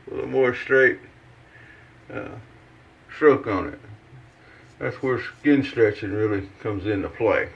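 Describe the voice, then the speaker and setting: A man's voice: medium pitch, highs cut off. Folksy man chatting while he shaves. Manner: folksy, rambling, many fillers and restarts. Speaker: shaving channel host. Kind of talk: casual how-to chat while shaving.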